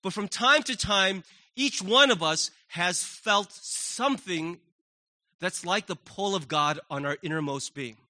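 A man preaching a sermon as pastor, animated and acting out the voices he quotes. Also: high voice, unhurried. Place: church sanctuary.

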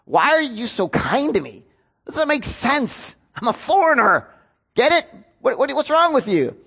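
A man's voice: very high voice, very animated, measured pace, vocal fry, pushed and bright, husky, voice pushed up, exaggerated voice. A man voicing a young foreign woman, incredulous and grateful, firing off exclaiming questions in a raised voice.

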